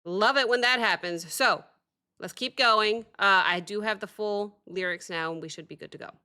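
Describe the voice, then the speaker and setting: A bright, clear-toned woman reacts to a song in casual commentary. She is excitable and thinks out loud, breaking off now and then to apologize, at an ordinary middle pitch. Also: normal speed. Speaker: reaction video host.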